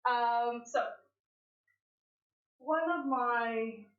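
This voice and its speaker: A woman's voice: a little high, extremely slow. A woman teaching a live online English grammar lesson, explaining patiently and often checking in with her students. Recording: roomy, dull lo-fi sound.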